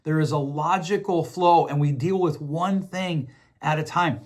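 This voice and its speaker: A man's voice: a little high, a little slow. A middle-aged man hosting a podcast, talking earnestly through relationship advice in a reflective monologue, often restarting and repeating himself. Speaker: podcast host.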